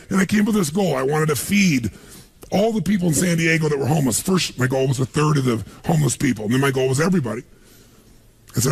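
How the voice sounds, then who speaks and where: A middle-aged man giving an energetic motivational seminar speech, punchy and questioning the crowd. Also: fairly high pitch. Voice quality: gravelly, husky. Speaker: motivational speaker. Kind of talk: live seminar speech to an audience.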